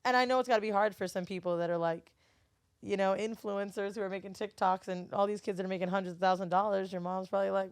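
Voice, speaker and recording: A woman talking in a casual podcast chat, candid and loose, swearing often and slipping into her relatives' voices. Her voice is mid-pitched and recorded close and dry, with no room sound. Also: steady tone, fast talker, smooth, dry recording. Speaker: guest, studio owner and TV host.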